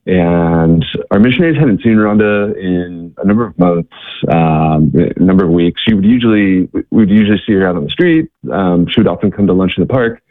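A man telling earnest stories as an interview guest, halting with many restarts and fillers, over a phone-like line. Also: deep voice, expressive, no echo. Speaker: guest, missionary organization worker. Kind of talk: interview storytelling. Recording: tinny phone-like line, dry.

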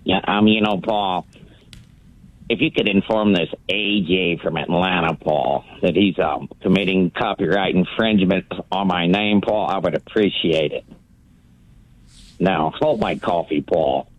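A man's voice: low voice, measured pace. A man calling in to a sports radio show and ranting theatrically, mocking a rival caller and repeating "young man". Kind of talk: fired-up sports radio rant. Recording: muffled phone line.

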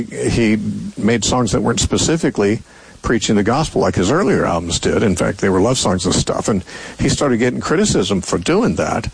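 An older man hosts a call-in Bible show, talking his answers through at length with plenty of "uh" and restarts. His voice is husky, and it sits close and dry with no room sound. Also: fairly low pitch, no echo, poor audio. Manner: thoughtful, rambling explanations with many fillers and restarts. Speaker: call-in radio Bible teacher host. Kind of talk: call-in radio answering callers.

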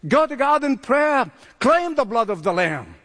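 A man's voice: very high voice, big pitch swings, unhurried, a bit bright. A man preaching a sermon, emphatic, acting out voices in quotes. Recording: long hall reverb.

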